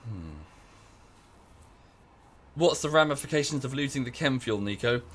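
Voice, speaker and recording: A man's voice: medium pitch, moderate pace, a bit bright. A young English man chatting casually with his stream chat while playing a strategy game, often correcting himself mid-sentence. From England. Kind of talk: casual livestream chat over gameplay.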